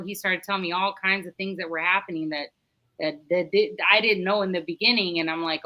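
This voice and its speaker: A woman's voice: on the low side, normal speed, sharp tone. A middle-aged woman, a podcast guest, telling a story in a chatty, rambling way and acting out the dialogue. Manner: recounts dialogue in a chatty, rambling way with many restarts. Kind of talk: casual storytelling.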